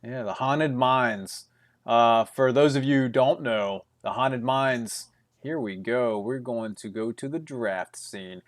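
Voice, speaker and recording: A young man doing solo esports commentary as a tournament caster, chatty and rambling, with quick bursts, frequent fillers and chuckles. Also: mid-range voice.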